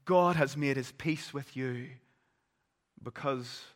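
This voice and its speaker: A man preaching a sermon, telling the story vividly and swinging between loud, urgent passages and hushed ones. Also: mid-range voice, slow pace. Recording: long reverb of a large hall.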